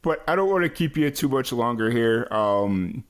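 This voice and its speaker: A man's voice: medium pitch, lively intonation, moderate pace. An American man hosting a casual music podcast interview, talking in a loose, searching way. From United States. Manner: hesitant, many fillers and restarts. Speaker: podcast host.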